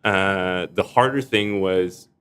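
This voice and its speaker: A young man with a deep, low voice talks in a relaxed podcast chat. He tells his stories with energy and laughs often mid-sentence. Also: takes it slowly, clear, resonant tone. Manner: animated, laughs often while telling stories. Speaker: arts executive director and stage actor, podcast guest. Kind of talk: casual storytelling in a podcast chat.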